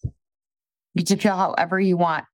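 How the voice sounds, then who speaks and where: A woman's voice: on the low side, little pitch movement, fairly quick. A woman podcast host coaching a listener in a frank, chatty way, swearing casually and filling her talk with "like".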